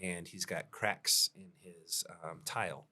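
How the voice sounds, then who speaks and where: A man's voice: low voice, steady tone, slow, sharp tone. A male roofing contractor telling work stories in a casual podcast chat, laid-back, with frequent chuckles and fillers.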